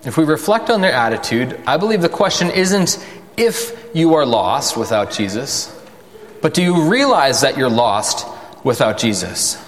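A man preaching a sermon in a conversational way, asking the listeners questions and slowing down for emphasis. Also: mid-range voice, sing-song, in a large hall, slight background noise. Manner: conversational, rhetorical questions, dramatic slow emphasis.

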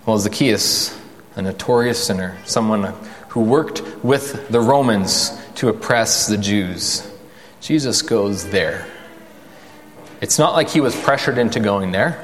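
A man preaching a sermon in a conversational way, asking the listeners questions and slowing down for emphasis. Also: fairly low pitch, lively intonation, in a large hall. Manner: conversational, rhetorical questions, dramatic slow emphasis.

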